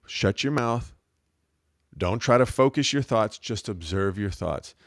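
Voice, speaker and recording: A man's voice: fairly low pitch, no echo, clean studio sound. A man hosting a weekly question show, giving emphatic spiritual advice with jokey asides. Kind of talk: casual spiritual advice talk.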